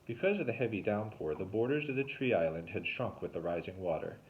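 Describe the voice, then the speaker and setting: A man, a teacher, reading a novel aloud with expressive storytelling. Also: a little fast. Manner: expressive storytelling with lively pitch. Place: home, remote recording. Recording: tinny phone-like sound.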